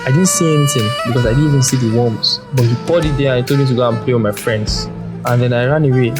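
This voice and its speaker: A man talking casually on his own podcast, a rambling storyteller who drifts between explanation and anecdote. His voice sits at an ordinary pitch for a man, relaxed and conversational. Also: quick pace, over loud music. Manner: rambling storyteller, chatty with fillers. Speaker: podcast host. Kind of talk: casual solo podcast monologue.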